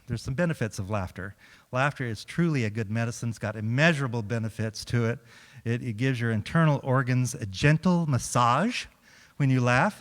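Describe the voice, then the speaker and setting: A middle-aged man, a chaplain, telling humorous stories to a congregation, acting out quotes and laughing often. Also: medium pitch. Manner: lively storyteller, acts out quotes and laughs often. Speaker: chaplain speaking at a church. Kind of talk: humorous storytelling talk to a congregation. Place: large church hall. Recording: long hall reverb.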